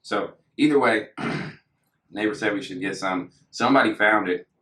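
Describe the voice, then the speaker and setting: A man's voice: lowish voice, measured pace, bright, forceful tone. A young man telling stories in a casual, slangy way, laughing as he goes. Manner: laid-back, slangy, laughs through stories. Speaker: podcast guest. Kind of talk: casual storytelling. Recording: echoey room.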